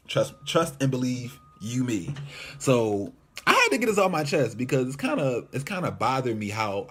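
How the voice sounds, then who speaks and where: A mime minister vents candidly and from the heart in a personal video monologue, often repeating his phrases. Filmed in a white-walled apartment room, he speaks at medium pitch with a husky voice.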